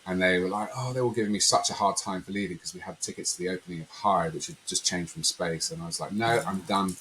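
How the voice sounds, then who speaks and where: A man's voice: low-pitched, fast talker, a little hiss or hum, rough recording. A man telling a personal story in a conversational interview, rambling and acting out quotes. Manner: rambling, animated storyteller who acts out quotes. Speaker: podcast guest.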